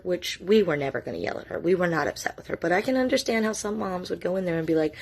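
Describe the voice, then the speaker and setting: Husky, gravelly woman telling a story. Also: on the low side, animated, fast, few pauses, darkish tone. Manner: emotional, candid, profane. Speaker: mother telling her story. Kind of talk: vlog storytelling to camera.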